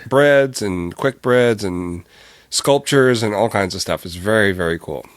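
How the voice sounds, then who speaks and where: A man's voice: fairly low pitch, a little slow, dry recording. A man co-hosting a podcast, chatting in an earnest, easygoing way. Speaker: podcast co-host. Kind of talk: casual chat.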